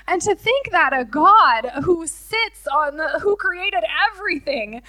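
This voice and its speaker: High-pitched woman, worship leader sharing her testimony, earnest, full of ums. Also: animated, unhurried, pushed and bright, rough recording. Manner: earnest, emotional, many fillers. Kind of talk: personal testimony in church interview.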